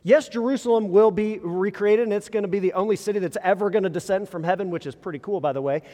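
A man with a fairly high voice preaches in a relaxed, talky way. He keeps asking his listeners questions and doubles back on his words. His voice rings out with a long reverb in a large church hall. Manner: conversational preaching with rhetorical questions and quick restarts. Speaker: pastor. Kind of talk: sermon.

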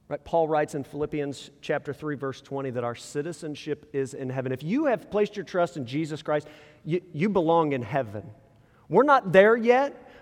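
Higher-voiced preacher echoing through a hall. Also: male voice, darkish tone. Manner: conversational preaching with rhetorical questions and quick restarts. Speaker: pastor. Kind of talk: sermon. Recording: long reverb in a large hall.

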